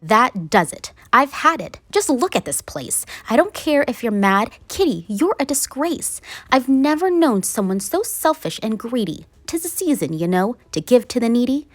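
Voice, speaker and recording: A woman reading a rhyming children's picture book aloud in an animated, singsong way. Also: fairly high pitch, normal speed, few pauses, no echo. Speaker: read-aloud narrator.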